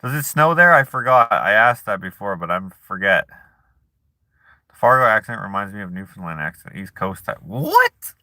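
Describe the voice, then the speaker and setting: A man's voice: lowish voice, lively intonation, normal speed, bright, forceful tone, no echo. A man hosting a casual live chat who reads viewer comments aloud and jokes and laughs at himself in a laid-back way. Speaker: streamer host.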